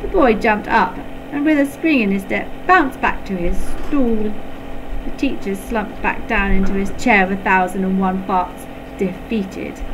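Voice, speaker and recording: Woman reading a kids story nice and slow, faint traffic behind. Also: mid-range voice. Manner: slow and expressive, with playful sound effects. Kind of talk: storybook read-aloud.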